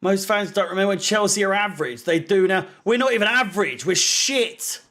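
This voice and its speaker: High-voiced sweary football fan. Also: male voice, fairly quick, sharp tone. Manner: sweary, sarcastic, prone to frustrated outbursts. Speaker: fan channel host watching a match. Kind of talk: live match watch-along commentary.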